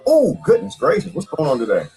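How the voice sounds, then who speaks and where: A man's voice: on the high side, wildly swooping pitch, a little fast, vocal fry, darkish tone, faint music behind. A male comedian hosting a casual live stream, joking with his viewers and laughing often.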